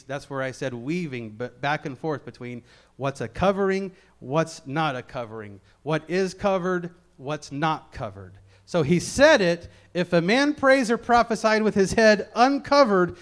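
A man's voice: high-pitched, animated, measured pace. A middle-aged man preaching a Bible-teaching sermon in a conversational way, with joking asides and key phrases repeated for emphasis.

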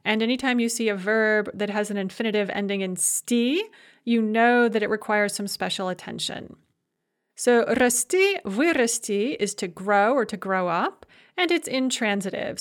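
A woman teaching a language grammar lesson, explaining verb forms in a clear, methodical way and slowing down to spell out each form. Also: mid-range voice. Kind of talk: recorded grammar lecture.

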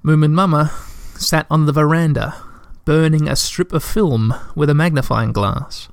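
A man narrating a storybook aloud in a calm, even storytelling manner. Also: on the high side, moderate pace, gravelly, no echo, studio quality.

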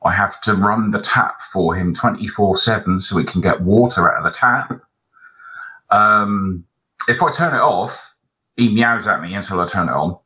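Brief: male podcast co-host, lowish bright voice, tells sweary rambling stories. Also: normal speed, muffled recording. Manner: rambling anecdotes, heavy swearing. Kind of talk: casual chat.

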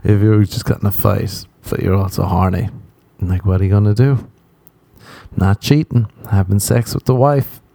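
A man's voice: lowish voice, fairly even intonation, moderate pace, vocal fry, mellow, no echo. A young man hosting a podcast, rambling through a crude comic monologue and laughing at his own jokes. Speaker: podcast host.

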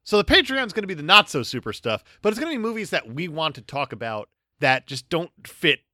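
A man co-hosting a comedy podcast, excitable and quick to mock outrage. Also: a little high, dry recording, studio quality. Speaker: podcast co-host. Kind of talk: casual comedic chat.

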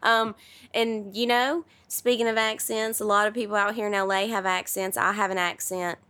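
A woman with a Southern US accent co-hosting a casual chat show, chatty and animated, with trailing fillers. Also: medium pitch, normal speed, smooth. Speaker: co-host.

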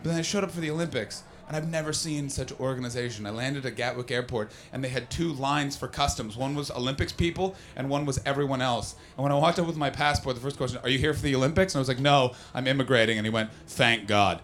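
A man's voice: mid-range voice, quick pace, few pauses, a little hiss or hum. A man doing stand-up crowd work on a comedy club stage. He is brash and profane, and he teases audience members. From not from the UK.

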